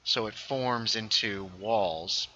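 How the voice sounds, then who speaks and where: A man's voice: lowish voice, slow pace, pushed and bright, highs cut off. A man hosting a casual gaming livestream, thinking aloud as he builds and reading viewer chat aloud. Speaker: livestream host.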